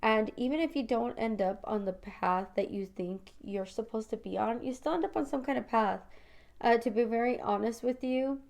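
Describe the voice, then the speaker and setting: A woman's voice: on the high side, moderate pace, creaky, a little mellow. A woman with school-age children hosts a personal spiritual podcast, talking reflectively and confessionally, full of "you know" and "like", and calling her listeners "you guys". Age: adult mother of school-age children. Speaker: podcast host.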